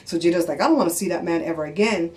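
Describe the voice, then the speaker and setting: A woman vlogger in middle age, speaking in a fairly low register. She tells a story casually and with exasperation, jumping into what others said. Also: rapid-fire. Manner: animated, exasperated, acts out quotes.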